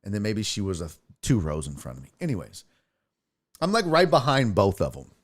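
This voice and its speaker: Animated, profane young man telling stories. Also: fairly low pitch, fairly quick. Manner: profane, animated, laughs often. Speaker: podcast host. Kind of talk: casual storytelling.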